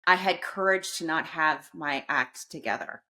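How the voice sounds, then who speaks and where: Low-voiced woman telling a story. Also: a little slow. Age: middle-aged. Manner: animated, acts out quotes, laughs at herself. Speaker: podcast guest. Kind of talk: personal storytelling in an interview.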